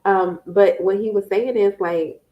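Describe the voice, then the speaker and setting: A woman educator giving parenting tips in a lively, conversational live-stream talk with playful asides. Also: mid-range voice, unhurried, dull audio.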